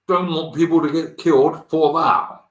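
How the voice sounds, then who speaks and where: A man's voice: on the high side, steady tone, moderate pace, echoey room, low-quality recording. A man hosting a live stream in casual chat, talking bluntly and crudely and swearing freely. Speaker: stream host. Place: home in Australia.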